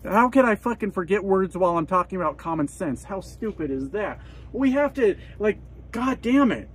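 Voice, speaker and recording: A man's voice: high-pitched, lively intonation, moderate pace, slight background noise, poor audio. A man in his forties, a truck driver and vlogger, ranting in an exasperated, swearing, rambling way. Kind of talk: profane heated rant.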